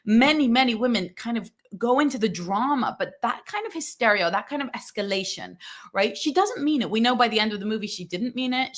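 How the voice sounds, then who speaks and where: A woman's voice: medium pitch, a bit bright. A woman relationship coach talking earnestly to her viewers, often checking in with "right?" and acting out sample lines a partner could say. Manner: earnest, coaxing, acts out sample dialogue, tag questions like "right?". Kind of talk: coaching monologue breaking down a film scene.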